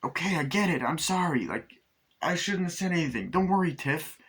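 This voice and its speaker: A man's voice: on the high side, expressive, brisk, fairly bright tone, husky, voice pushed up. A man voicing a wisecracking male killer doll in a raised, mocking tone.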